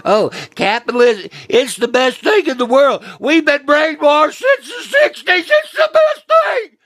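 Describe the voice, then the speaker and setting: A man's voice: sing-song, unhurried, fairly bright tone, heavily acted. A man mockingly putting on the voice of an overwrought, overemotional fan of capitalism. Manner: shrill, exaggerated, overemotional.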